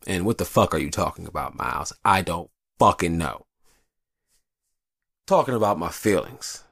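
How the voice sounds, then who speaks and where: A man's voice: deep voice, normal speed, vocal fry, dry recording, studio quality. A man hosting a show, talking in a rambling, profane, confessional way from a hot upstairs room. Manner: profane, rambling, animated storyteller. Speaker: show host. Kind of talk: casual confessional monologue.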